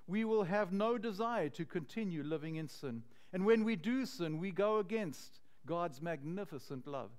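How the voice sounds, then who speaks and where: A man pastor preaching a sermon in an earnest, slow and emphatic way. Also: high voice, smooth.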